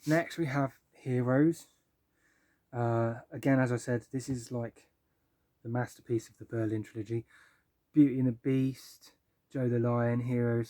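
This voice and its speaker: A young man talks through his favourite records in an easy, rambling way. He is eager and full of filler words, his voice sits at a middling pitch, and the recording is dry and close. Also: warm tone, no echo. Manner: chatty and enthusiastic, many ums and likes. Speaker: music vlogger. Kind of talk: casual album-ranking talk.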